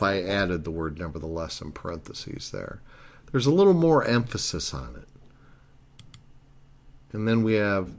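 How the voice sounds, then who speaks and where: Low-voiced man explaining Italian grammar. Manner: earnest, explains step by step. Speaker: Italian language teacher. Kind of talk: explanatory lesson narration.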